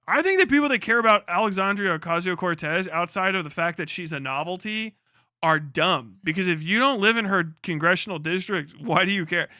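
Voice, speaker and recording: A man's voice: high voice, expressive, a little fast, pushed and bright, dry recording, studio quality. A young man from the United States ranting bluntly and profanely in casual live-stream commentary.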